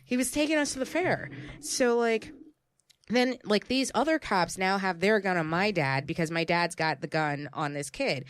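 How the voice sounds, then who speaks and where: Chatty woman with a smooth, clear voice. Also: mid-range voice, moderate pace. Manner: animated, chatty storytelling. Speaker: podcast co-host. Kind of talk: casual chat.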